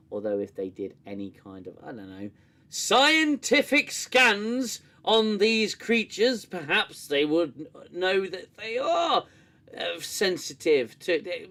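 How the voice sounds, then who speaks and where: A man hosting a casual livestream review, sarcastic and animated, swearing freely. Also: high voice. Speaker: show host reviewing an episode.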